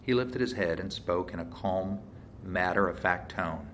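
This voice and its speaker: A man's voice: sits low, a little slow, a bit bright, slight background noise. A man narrating a first-person mystery story in a dry, wry way.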